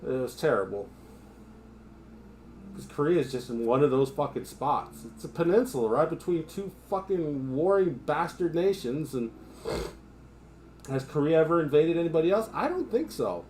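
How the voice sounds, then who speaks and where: A man's voice: fairly high pitch, sing-song, moderate pace, a little mellow, slight background noise. Profane ranting male live streamer. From United States. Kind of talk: casual live-stream chat.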